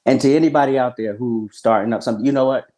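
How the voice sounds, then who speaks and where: A man co-hosting a casual podcast, his voice sitting at an ordinary middle pitch. He talks bluntly, swearing freely as he rants about sticking with what you build. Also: racing, mellow. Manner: blunt, profane motivational rant. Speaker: podcast co-host.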